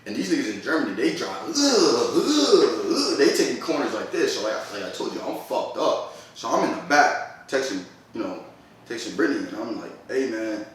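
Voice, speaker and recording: Animated man telling stories in an echoey room. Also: medium pitch, normal speed, slight background noise. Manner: animated, laughing, slangy storytelling. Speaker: podcast host. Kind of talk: casual storytelling chat. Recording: echoey room, distant mic.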